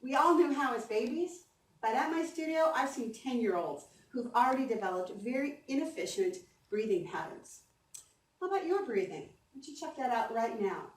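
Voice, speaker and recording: On stage in a conference hall, a woman voice coach with a high voice gives an upbeat, encouraging talk at normal speed, animatedly guiding the audience through breathing exercises, captured from afar with roomy sound and faint ambience.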